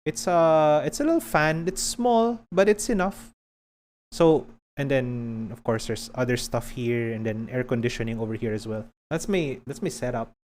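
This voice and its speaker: A man's voice: mid-range voice, moderate pace, a little mellow, a little hiss or hum. A man with a Filipino accent chatting casually while streaming a game, rambling and laughing often.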